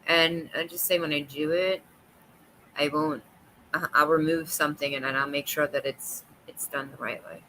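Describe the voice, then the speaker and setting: A woman hosting a casual livestream chat with viewers, talkative and quick to laugh, often restarting her sentences. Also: sits low, fairly even intonation, bright, forceful tone, slight background noise, poor audio. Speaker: livestream host.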